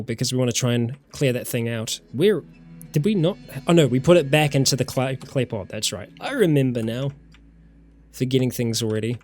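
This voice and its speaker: A man with a New Zealand accent talks through a survival game in an easygoing, chatty way, thinking aloud and greeting viewers. His voice sits at an ordinary pitch, recorded on a home desk mic with faint music behind. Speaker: let's-play host. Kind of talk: casual game commentary. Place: warm room at home.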